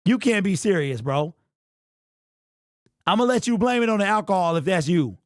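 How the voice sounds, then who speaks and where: A young man hosting a fan livestream postgame show, talking excitedly and casually to his chat in slang. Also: high-pitched, moderate pace, dry recording, studio quality. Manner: excitable, slangy, talks straight to the chat with lots of "bro".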